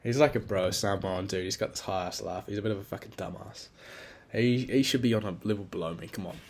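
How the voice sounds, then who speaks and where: A man's voice: fairly low pitch, fast talker, a little hiss or hum. A young man, rambling through a casual, profane and self-critical solo podcast monologue. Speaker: podcast host.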